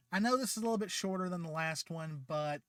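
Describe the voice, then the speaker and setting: Tired guy rambling through a story, kinda high voice, lots of ums, dry close sound. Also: a little fast, a bit bright, dry recording. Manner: chatty, rambling, frequent fillers and restarts. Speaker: channel host. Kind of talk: casual spoken retelling of a fan story.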